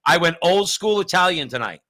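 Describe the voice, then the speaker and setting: Male co-host, fairly high and bright, emphatic, chatty asides. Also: lively intonation, a little fast. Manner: emphatic, repeats listener's name, rambling asides. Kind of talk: political talk show.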